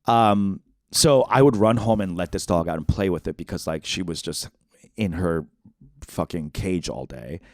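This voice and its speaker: A young adult man co-hosting a podcast, telling stories in a lively, swearing way and acting out the voices of people he quotes. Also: normal speed, no echo, studio quality. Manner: animated storyteller, swears, acts out quoted voices high and loud. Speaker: podcast co-host. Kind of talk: casual chat.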